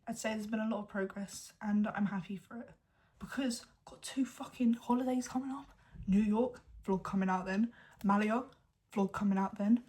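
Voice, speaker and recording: A young woman in her late teens with an English accent, chatting candidly to camera at home, at times dropping to a hushed whisper. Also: medium pitch. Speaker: vlogger. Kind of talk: casual chat to camera.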